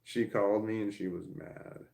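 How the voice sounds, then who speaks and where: Gravelly low-voiced man telling a story. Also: fairly even intonation, moderate pace, darkish tone, poor audio. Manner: rambling, frequent swearing and restarts. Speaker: vlogger. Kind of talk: casual storytelling monologue.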